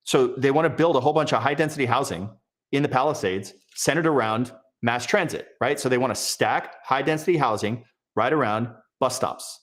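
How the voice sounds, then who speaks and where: A man's voice: medium pitch, brisk, fairly bright tone. A man hosting political commentary, heated and scornful, breaking down clips and mocking the people in them. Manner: heated, scornful, mocks others in put-on voices. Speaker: commentary host.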